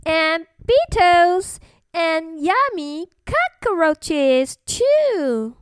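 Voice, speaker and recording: A woman's voice: very high-pitched, lively intonation, very slow, a bit bright, dry recording, clean studio sound, voice pushed up, full character voice. A woman voicing a cheerful, giggly little boy possum in a children's storybook reading, speaking chirpily. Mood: gleeful. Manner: chirpy, gleeful.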